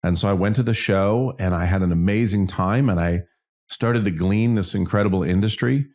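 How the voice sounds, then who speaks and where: A man's voice: low voice, normal speed, darkish tone. A man in his fifties, an interview guest, telling a personal story in a frank, self-deprecating way. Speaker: interview guest, singer-songwriter and business owner.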